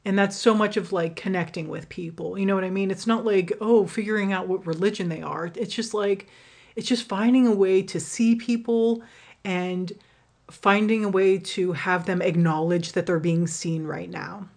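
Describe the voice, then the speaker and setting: A woman's voice: medium pitch, fairly even intonation, moderate pace, creaky, darkish tone. Candid rambling woman telling a story. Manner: candid, rambling, swears freely, many fillers. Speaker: podcast host and rideshare driver. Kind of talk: casual personal storytelling.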